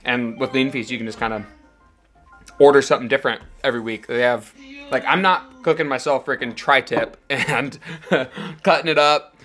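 A man's voice: medium pitch, normal speed, faint music behind. Easygoing man chatting while eating. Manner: relaxed, rambling with frequent "like". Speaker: vlog host. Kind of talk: casual chat.

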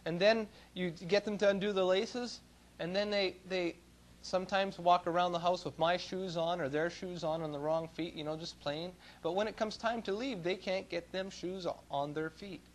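A middle-aged Canadian man preaching in church, his voice sitting a little above the usual male range. He tells homey stories in a folksy way, pushing some words out loudly and dropping others to quiet asides. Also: a little hiss or hum. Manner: folksy storytelling, swings between loud emphasis and low asides. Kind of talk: sermon.

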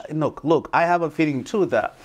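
A man talking as an interview guest, earnest and halting, with many restarts and "you know". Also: a little high. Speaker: guest, foster parent. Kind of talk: conversational interview.

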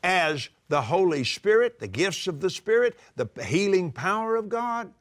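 An older man preaching a sermon, emphatic and drawing out scripture quotes slowly. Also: high voice, very animated, fairly bright tone. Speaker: televangelist preacher. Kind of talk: sermon-style teaching.

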